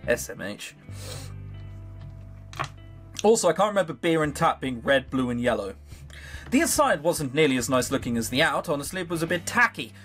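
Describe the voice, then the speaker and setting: Brief: a wry let's-player man reading and joking along, animated, with faint music behind. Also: on the high side, moderate pace, long pauses. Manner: wry, sarcastic asides. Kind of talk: reading aloud with joking commentary.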